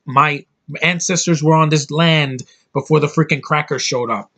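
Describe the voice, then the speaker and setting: A man from the United States giving a casual, opinionated movie review straight to camera, blunt and quick to swear. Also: fairly high pitch, steady tone, pushed and bright, lo-fi sound. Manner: blunt, opinionated, swears often, mocking voices.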